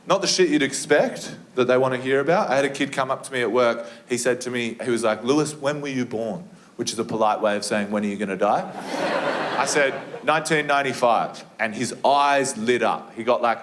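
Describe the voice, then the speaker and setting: A young man with an Australian accent performing a stand-up set, telling an animated, sweary story and breaking into shrieked impressions. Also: medium pitch. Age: young adult. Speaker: stand-up comedian. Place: comedy venue stage with a live audience. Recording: live room with audience laughter.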